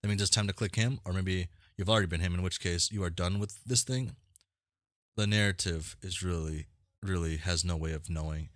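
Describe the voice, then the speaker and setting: A man with a low voice reads a webcomic aloud for his viewers, breaking off into rambling, self-mocking asides. He trips over names and shrugs it off. The sound is close and dry. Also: fairly even intonation, brisk, a bit bright, no room sound. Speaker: streamer reading a webcomic aloud. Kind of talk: casual read-along with commentary.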